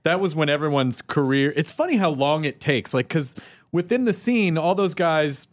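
A man's voice: a little high, animated, moderate pace, no room sound. A man hosting a podcast in casual interview chat. He jokes and interjects often. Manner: chatty, joking, interjects often. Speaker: podcast host.

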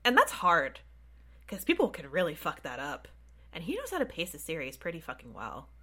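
A woman co-hosting a podcast, chatting casually about films in an animated way, swearing freely and laughing often. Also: low-pitched, a little fast, slightly rough. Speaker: podcast co-host. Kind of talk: casual film chat.

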